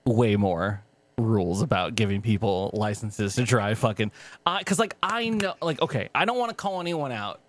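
A young man co-hosting a podcast, telling a story in casual, profane chat with sudden pitch jumps. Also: expressive, normal speed, a little hiss or hum. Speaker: podcast co-host.

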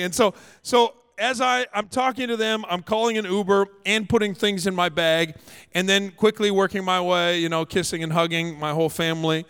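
High-voiced pastor from Canada preaching. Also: male voice, steady tone, normal speed, fairly bright tone, smooth. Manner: storytelling, humorous, emphatic. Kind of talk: sermon. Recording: echoey hall.

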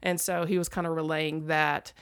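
A woman's voice: sits low, little pitch movement, normal speed, smooth, dry recording, clean studio sound. A woman, co-hosting a casual podcast chat in a home basement and telling a story with lots of "like" fillers. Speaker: podcast co-host.

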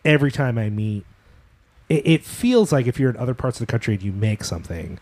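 A man's voice: medium pitch, sing-song, fairly quick, a little mellow, dry recording. A man from Philadelphia hosting a podcast, chatting casually with a guest, joking and swearing lightly as he talks. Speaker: podcast host. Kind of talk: casual interview chat.

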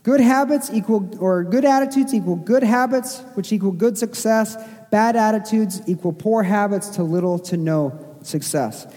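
Male pastor, high and soft-toned, casual sermon delivery with filler-heavy asides, recorded in a long-echo church hall. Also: normal speed. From Missouri. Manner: conversational preaching, self-deprecating asides, frequent fillers.

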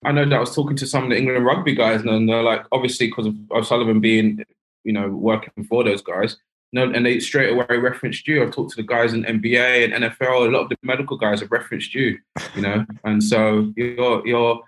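A man's voice: mid-range voice, level tone, a little fast, fairly bright tone, rough recording. A man who is a sprint coach, speaking as a podcast guest in emphatic, enthusiastic bursts. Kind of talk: podcast interview.

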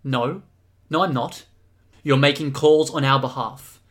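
A man's voice: mid-range voice, unhurried, natural voice. A man reading an arrogant young guy, defiant and clipped, storybook voice. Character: cocky, hostile young man with a time power.

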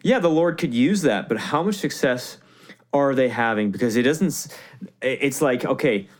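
A man's voice: medium pitch, expressive, normal speed. A man hosting a podcast interview, asking long questions with many restarts and fillers. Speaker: podcast host.

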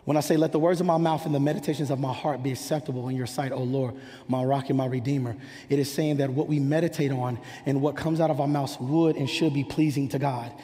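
A man's voice: medium pitch, steady tone, fast talker, dark tone. A man preaching a sermon in a church, with a passionate, rhythmic cadence. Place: church sanctuary. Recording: long hall reverb.

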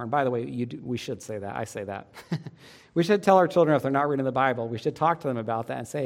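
A man's voice: mid-range voice, racing, creaky. A man preaching a sermon as a pastor, earnest and emphatic. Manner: earnest, emphatic preaching with quoted parent voices.

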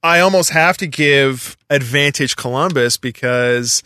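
A man with a bright, forceful voice talks casually and tells a rambling story. His fillers pile up as he gets into it. The sound is dry and close. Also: medium pitch, a little slow, no room sound. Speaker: podcast guest. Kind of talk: casual chat.

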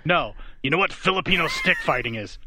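A man's voice: fairly high pitch, expressive, fairly quick, a little hiss or hum, voice pushed up. A man putting on a mock-dramatic movie-trailer narrator voice, building up a stick-fighting legend with questions he answers himself. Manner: mock-dramatic, shouting bits.

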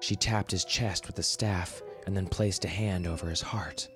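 Low-voiced male podcast host reading horror in a measured, dramatic style over a music bed. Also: fairly even intonation. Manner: measured, dramatic, drops to a whisper for tense moments. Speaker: podcast host and story narrator. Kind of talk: scripted horror narration. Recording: narration over clear music.

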